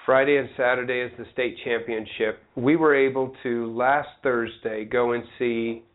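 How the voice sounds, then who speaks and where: A man co-hosting a radio show, reading local news items briskly and teasing his co-host in casual chat. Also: mid-range voice, fairly even intonation. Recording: tinny phone-like broadcast audio.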